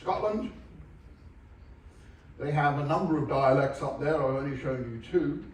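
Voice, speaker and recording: Heard from a distance in an echoing ship's theatre, this Englishman delivers a funny presentation laced with wry, dry remarks. His pitch is fairly high and he speaks a little slowly, over slight background noise.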